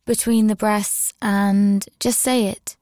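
A woman voicing a commanding, smug male university lecturer in an audio story, speaking calmly and instructively. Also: mid-range voice, takes it slowly, dry recording, studio quality, natural voice.

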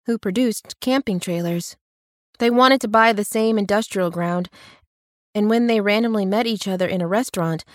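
Female audiobook narrator, mid-pitched, dry close-miked read. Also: dry recording. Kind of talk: scripted narration.

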